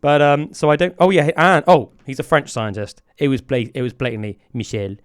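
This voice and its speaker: A man's voice: medium pitch, fairly even intonation, brisk, clear, resonant tone, dry recording, studio quality. A man hosting a podcast in casual chat, joking and rambling with frequent restarts. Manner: jokey, rambling with many restarts. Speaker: podcast host.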